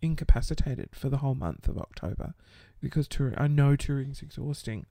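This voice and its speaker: A man's voice: mid-range voice, a little fast, vocal fry, warm tone, no room sound. Exasperated, sweary man, dry close sound. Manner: exasperated, sweary, laughing through frustration. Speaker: small business owner. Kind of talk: casual vlog rant.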